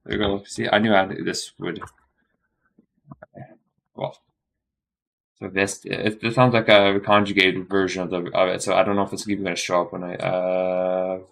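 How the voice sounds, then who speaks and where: A man live streaming his study session, thinking aloud in a rambling way, correcting himself and slowly sounding out phrases. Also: low voice, little pitch movement, vocal fry, a bit bright.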